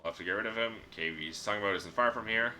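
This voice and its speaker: A man's voice: fairly low pitch, very fast, slight background noise. A man voicing a ruthless young female tribal warrior in a game, reading her lines off the screen in his own voice. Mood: scheming. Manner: read aloud flatly from the screen.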